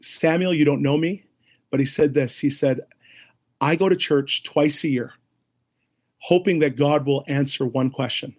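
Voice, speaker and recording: A middle-aged man in ministry leadership is interviewed and tells an animated story, acting out different voices and laughing repeatedly. His fairly high voice moves unhurriedly, with long pauses.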